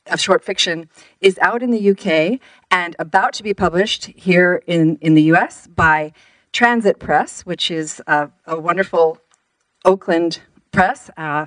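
A woman moderating an author panel, introducing guests with halting self-corrections. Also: lowish voice, a bit bright, dry recording. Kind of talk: introducing authors at a live event.

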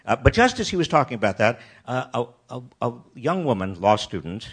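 An older American man telling a personal story in a wry, self-deprecating way, often halting and restarting his sentences. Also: medium pitch, sing-song, husky. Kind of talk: personal anecdote talk.

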